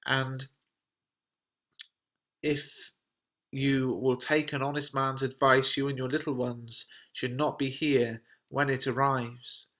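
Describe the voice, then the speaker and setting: A man's voice: medium pitch, little pitch movement, slow pace, a bit bright. Humble, urgent messenger, earnest in tone, voiced by a male reader. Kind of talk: reading a play translation aloud.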